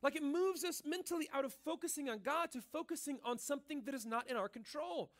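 High-pitched male pastor, casual and earnest sermon in a church, conversational with lots of "like". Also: fast. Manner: casual and earnest, filling speech with "like" and "right?".

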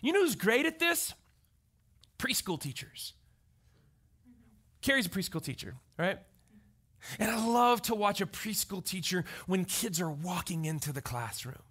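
A male pastor delivers a casual, story-driven sermon with a high, ringing voice. His pitch swings widely as he acts out little scenes, and he keeps pulling listeners in with quick asides. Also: breathy edge. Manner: animated storytelling, often asks the crowd "right?". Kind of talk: conversational sermon.

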